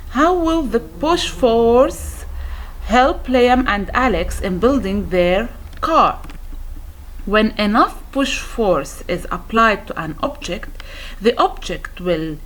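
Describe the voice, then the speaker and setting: A woman teacher walking students through a worksheet, explaining slowly and carefully with frequent pauses and restarts. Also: mid-range voice. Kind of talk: worksheet walkthrough lesson.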